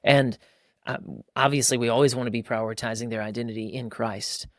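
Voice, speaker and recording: A man in his thirties talks through parenting from a Christian angle in a casual chat. He is animated and often slips into quick acted-out voices of fathers and kids. His voice sits at a middle pitch, recorded close and dry. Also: no room sound. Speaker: podcast co-host.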